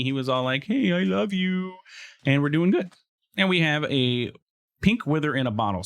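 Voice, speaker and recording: A man casually commentating his own gameplay, chatting to the creatures on screen and trailing off into fillers and restarts. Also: mid-range voice. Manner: chatty, talks to game mobs, frequent fillers and restarts. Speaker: let's play host.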